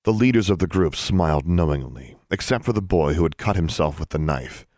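A man narrating an audiobook with a deep, low voice. His delivery is expressive and the pitch rises and falls freely. The sound is dry and close to the mic. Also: fairly quick, no room sound. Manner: expressive storytelling.

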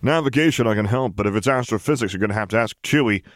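A man's voice: fairly low pitch, fast talker, no echo, studio quality, natural voice. A man reading aloud and voicing a breezy middle-aged male pilot who is hosting guests, raising his voice above his own to play him.

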